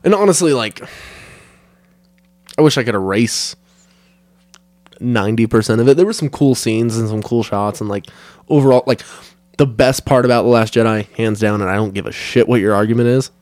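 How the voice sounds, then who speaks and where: A man's voice: medium pitch, normal speed, pauses often, a little mellow, no echo. A young man co-hosting a podcast, chatting casually, laughing often and swearing freely. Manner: laid-back, swears often, laughs a lot. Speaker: podcast co-host. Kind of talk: casual chat.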